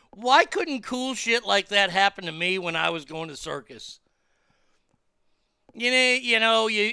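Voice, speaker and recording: A man giving blunt, profane, unscripted commentary, with loud excited reactions while watching video clips. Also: high voice, vocal fry, clean tone, no echo, clean studio sound.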